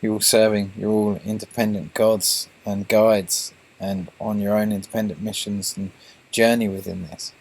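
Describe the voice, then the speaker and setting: A man's voice: lowish voice, flat delivery, normal speed, creaky. An English man hosting his own channel, talking to viewers in a meandering monologue full of restarts and fillers. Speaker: channel host.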